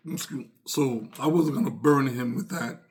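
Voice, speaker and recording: A man's voice: medium pitch, normal speed, a little mellow. Middle-aged man, podcast host, earnest reflective delivery that acts out dialogue, voice in the middle range. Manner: earnest, repeats phrases, acts out quoted dialogue. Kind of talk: reflective personal talk.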